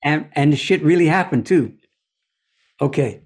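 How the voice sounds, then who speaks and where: A man speaking as a podcast guest, talking in a deliberate, philosophical way and telling stories, often checking in with "you see?". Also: fairly high pitch, expressive, a little mellow. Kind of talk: reflective conversational storytelling.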